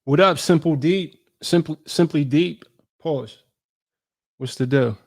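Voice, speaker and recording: Gravelly man hosting a slangy livestream. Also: a little high, takes it slowly, darkish tone. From New York. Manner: loose, slangy, greets viewers by name. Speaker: fitness creator hosting a live Q&A. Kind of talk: casual livestream chat.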